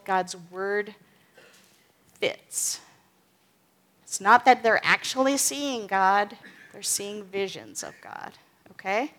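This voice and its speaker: A woman with a mid-range, fairly bright voice teaches from the Bible casually, reading scripture aloud with emphasis and then explaining it, often checking in with "okay?" and "right?"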